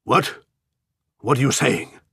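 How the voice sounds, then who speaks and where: A man's voice: medium pitch, slow, gravelly, fairly bright tone, husky, dry recording, clean studio sound, voice pushed up, heavily acted. A man reading an audiobook, voicing a curt middle-aged financier who turns edgy and protesting. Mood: agitated.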